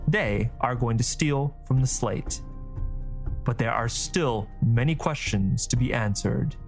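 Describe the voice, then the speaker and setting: A man narrating a scripted fantasy story with a steady storytelling delivery. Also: medium pitch, slow, faint music behind.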